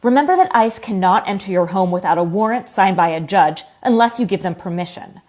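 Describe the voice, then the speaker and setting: A woman narrating a newspaper explainer video in a scripted, even, advisory tone. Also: mid-range voice, brisk.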